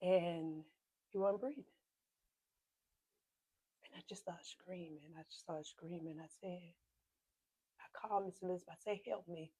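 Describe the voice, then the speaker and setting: Appearing as a podcast guest, a South Carolina pastor tells her testimony in a fairly low, slightly rough voice, a little slow and fairly even, with long pauses. Emotion comes in bursts as she repeats phrases and acts out others' words in quoted speech, often sinking into a soft whisper. The recording is close and dry with no echo.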